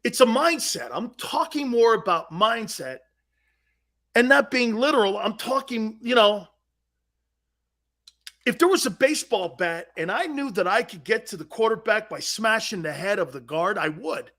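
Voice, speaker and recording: Sports talk host, a man in his fifties, brash and profane, lively swinging delivery. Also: high-pitched, normal speed. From United States. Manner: brash, profane, storytelling with loud shouted quotes.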